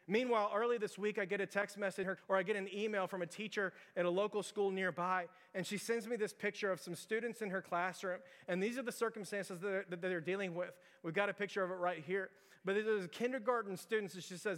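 Male pastor, bright high voice, casual sermon style, long church reverb. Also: steady tone, quick pace. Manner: informal, filler-heavy storytelling with direct challenges. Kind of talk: conversational sermon. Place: church sanctuary.

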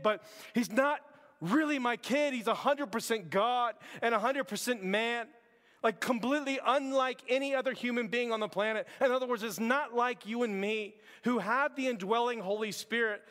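A man with a high-pitched voice preaches in a conversational way, often restarting and filling with "like". The long reverb of a church hall trails every phrase. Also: fairly bright tone. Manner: conversational preaching, many "like"s and restarts, acts out quotes. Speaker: pastor. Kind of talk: sermon.

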